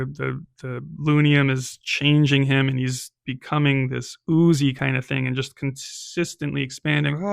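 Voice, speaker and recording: A man's voice: mid-range voice, vocal fry, fairly bright tone, clean tone, no room sound, studio quality. Man narrating a solo tabletop game. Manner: casual narration with frequent "right?" and "um".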